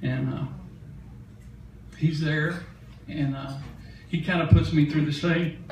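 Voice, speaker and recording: A man's voice: on the high side, steady tone, takes it slowly, slight background noise. Older male storyteller, folksy and chatty, heard from a distance in an echoey concert hall. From Mississippi. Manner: folksy, chatty, laughing now and then. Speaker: musician telling a story on stage. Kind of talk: onstage storytelling.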